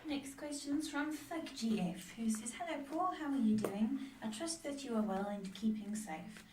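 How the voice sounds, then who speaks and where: A woman co-hosting a psychic show, reading viewers' questions aloud in a plain, steady way. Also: on the high side, normal speed, far from the mic, a little hiss or hum. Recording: echoey room, off-mic.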